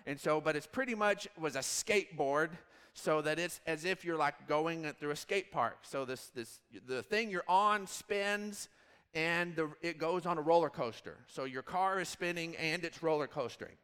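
A pastor in his thirties tells a story from the pulpit in a high, bright voice. He rambles and gets animated as he goes. His voice carries a long reverb from the church hall. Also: moderate pace, smooth. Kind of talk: storytelling sermon.

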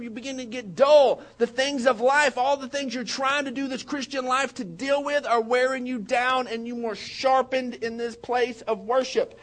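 A high-voiced pastor with a drawl preaching to his congregation. He tells stories in an animated, joking manner, and his light voice sits well above the usual male range. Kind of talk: sermon.

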